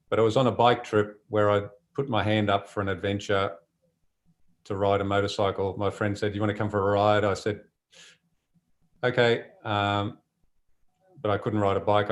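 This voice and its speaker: A man, a surf photographer telling stories from his trips in a relaxed, chatty way with frequent laughs. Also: on the low side. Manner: relaxed and chatty, laughs often, many fillers. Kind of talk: casual conversational storytelling.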